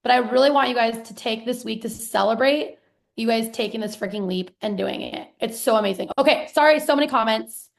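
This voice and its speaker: A woman in her thirties coaches her viewers over a live stream, excited and chatty, with casual swearing. Her voice sits slightly high and has a gravelly fry to it. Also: fairly quick. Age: 30s. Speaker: business coach.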